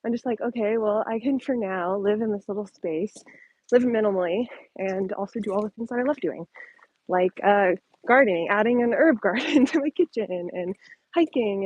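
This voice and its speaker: Out walking her dog along a trail, a woman hosts a casual live-stream Q&A, her phone held at arm's length. Her medium-pitched voice is a little mellow and husky, and she's slightly breathless, chatty, laughing lightly and peppering her talk with ums and likes. The recording is dry with the highs cut off.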